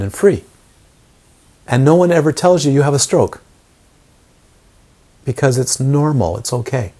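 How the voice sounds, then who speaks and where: A man's voice: a little high, warm tone, husky. A man teaching meditation to a group, asking his listeners repeated rhetorical questions and repeating words for emphasis. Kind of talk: dharma talk to a group.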